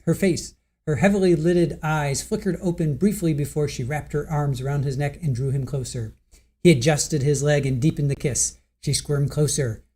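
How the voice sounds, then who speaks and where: A man hosting a casual livestream about a trial, chatty and giggly, reading aloud haltingly. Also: on the high side, warm tone. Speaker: trial commentary host.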